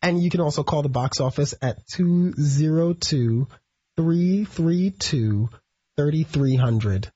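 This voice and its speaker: Husky-voiced male actor explaining thoughtfully. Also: a little high, warm tone, dry recording. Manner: thoughtful, explanatory, with pauses and fillers. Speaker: stage actor guest. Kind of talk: radio interview. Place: radio studio. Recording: dull lo-fi radio broadcast audio.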